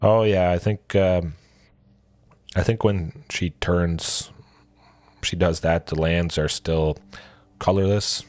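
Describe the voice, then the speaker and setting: A man streaming a card game, commenting casually and thinking aloud, with excited exclamations and a lingering cough. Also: sits low, takes it slowly, long pauses, no echo. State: coughing, with a cold.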